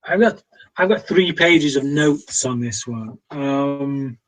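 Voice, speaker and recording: A British man hosts a casual film review chat and speaks slowly and deliberately. He is opinionated and often stops on ums and restarts his sentences. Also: medium pitch, poor audio. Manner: opinionated, frequent fillers and restarts.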